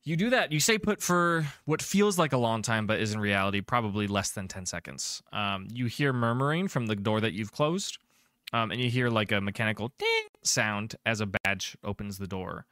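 A low-voiced man running a tabletop game as game master, describing scenes in a chatty way with plenty of ums. The sound is dry and close to the mic. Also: animated, fairly bright tone, dry recording. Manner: descriptive, chatty, fills pauses with um and uh.

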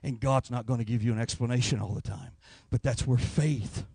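A man's voice: medium pitch, brisk, breathy edge, no room sound. A man preaching a sermon in a church, telling a personal story. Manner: storytelling, rising to anguished shouts. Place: church sanctuary.

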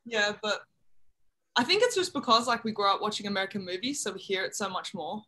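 A young adult woman with an Australian accent, chatting in a relaxed way during an interview over a video call. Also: mid-range voice, brisk. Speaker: college basketball player. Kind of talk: casual interview chat.

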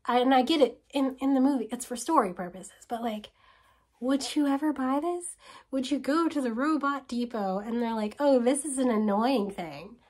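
A woman host talking to camera in a casual, animated and sarcastic way, firing off rhetorical questions and sometimes dropping to a whisper. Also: high voice, moderate pace. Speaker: video essayist host. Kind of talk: casual spoken commentary.

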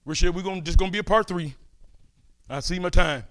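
An older man preaching a fervent sermon, calling out and pleading with his listeners between quieter asides. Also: sits high, fast talker.

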